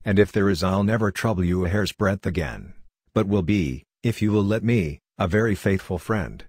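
Jolly young Texan suitor, folksy slang, deep and dry, read by a man. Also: normal speed, darkish tone, slightly rough, no echo. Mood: earnest. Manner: folksy slang, good-humored then earnest.

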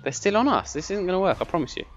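A young man giving casual gameplay commentary, excitable and bossy when he directs his friend, and laughing often. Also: high voice, rapid-fire, dull audio, slight background noise. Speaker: gaming channel host.

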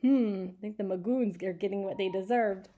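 A woman's voice: mid-range voice, moderate pace. A woman reading a picture book aloud to children, asking them questions as she goes. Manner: asks listeners questions, animated.

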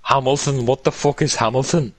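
A man's voice: medium pitch, fairly even intonation, a little fast, no echo, poor audio. A young man from Australia with a put-on Irish accent, chatting casually while gaming, brash and swearing in mock-aggressive banter. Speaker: gaming streamer.

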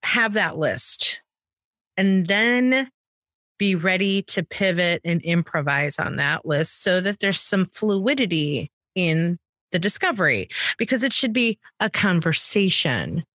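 An American woman co-hosting a sales podcast, talking in a quick, punchy way that jumps up in pitch when she stresses a point. Her voice is on the low side and close to the mic, dry with no room echo. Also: animated, a bit bright. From United States. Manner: emphatic, quick, rising pitch on key points. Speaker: podcast co-host, sales trainer. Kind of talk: casual chat.

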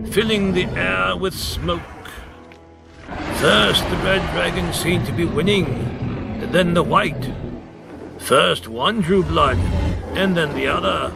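A man reading a picture book aloud with dramatic, emphatic storytelling, with music clearly behind him. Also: fairly high pitch. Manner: dramatic, slow, emphatic narration. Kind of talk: expressive read-aloud storytelling.

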